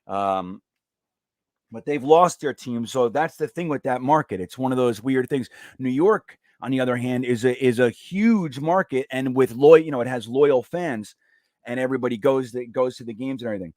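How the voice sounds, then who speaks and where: A man hosting a live watch party stream, chatting casually and reading viewer comments aloud in a rambling, animated way. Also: medium pitch, moderate pace, no echo, clean studio sound.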